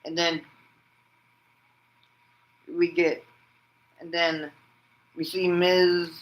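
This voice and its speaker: A man hosting a wrestling vlog, narrating an imagined match like play-by-play and shouting out the pin counts. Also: a little high, flat delivery, extremely slow, rough recording. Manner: breaks into loud shouted pin counts and move calls; rambling, restarts sentences with "and then". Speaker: wrestling vlogger host. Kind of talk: excited fantasy-booking play-by-play.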